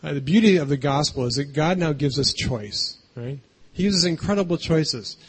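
A man's voice: fairly high pitch, animated, normal speed, a little hiss or hum. A man preaching a conversational sermon, often checking in with the congregation by asking "right?". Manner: chatty, keeps adding "right?". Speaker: pastor.

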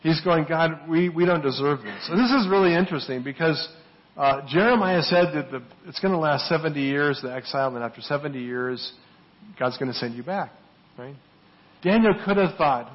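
A fairly high-pitched man preaching a sermon, often asking "right?", rising loud on key points and dropping low and soft on others. The recording is dull and lo-fi. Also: moderate pace. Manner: rhetorical, often asks "right?", swings from loud emphasis to soft low asides. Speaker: pastor.

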